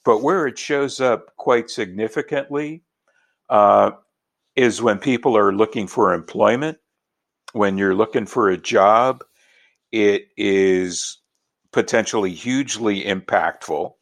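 A man from Los Angeles, a professor, answering interview questions in a measured, explanatory way. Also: fairly low pitch, creaky. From Los Angeles, United States. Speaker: linguistics professor.

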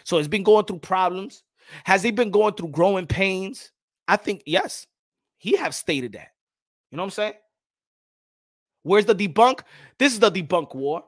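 A man hosting a boxing show, talking loud and profane, mocking critics and repeating himself. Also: high-pitched, lively intonation, measured pace, pauses often, dry recording, studio quality. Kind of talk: animated boxing commentary.

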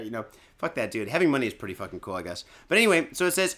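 This Michigan podcast host talks fast in a lowish voice, pushed and bright, with big swings in pitch. Day drinking, he rambles casually, cursing a lot, joking loosely, and leaning on fillers.

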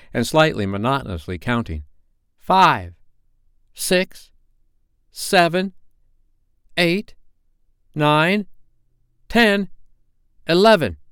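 Male storyteller for audiobook narration; animated, smooth, somewhat low voice. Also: dry recording, studio quality. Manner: expressive, lively reading.

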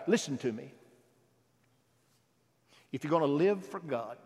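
Preacher swinging from loud to hushed. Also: male voice, on the high side, lively intonation, unhurried, long pauses, long reverb tail. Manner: swings from loud exhortation to hushed, intimate asides. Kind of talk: sermon.

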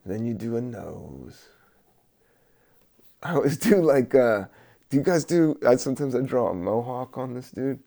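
A man hosting a podcast, rambling in a relaxed, musing way with many fillers while he doodles. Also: medium pitch, gravelly. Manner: laid-back, slow, musing with many fillers and laughs. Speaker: podcast host.

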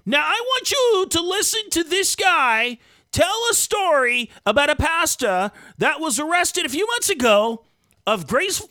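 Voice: high-pitched, pushed and bright, dry recording, studio quality. A host giving heated, emphatic political commentary, mocking opponents along the way. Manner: indignant, emphatic, mocks opponents in quoted voices.

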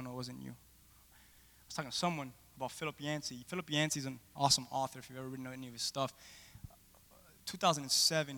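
A male pastor preaching a sermon in a playful, animated storytelling way, acting out the scenes he describes. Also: medium pitch, gravelly, long reverb tail.

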